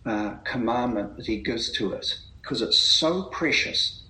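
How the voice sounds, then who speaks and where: A man's voice: medium pitch, animated, a little slow, pushed and bright, roomy sound, slight background noise, low-quality recording. A man giving an earnest Bible talk, emphatic and reflective. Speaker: preacher. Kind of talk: Bible reading meeting talk.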